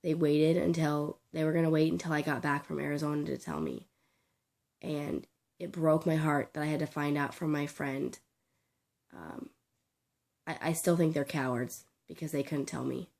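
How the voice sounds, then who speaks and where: A young woman with a sore throat talking in a personal vlog, halting, tearful and full of restarts. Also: sits low, fairly even intonation, gravelly, darkish tone. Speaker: vlogger.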